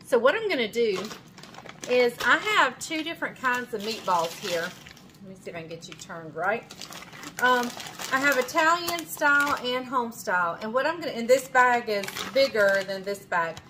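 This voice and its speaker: A woman's voice: fairly high pitch, animated, a little slow, noisy background. A woman hosting her own cooking show from her home kitchen, chatting casually as she cooks, with plenty of fillers and self-corrections. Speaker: cooking channel host.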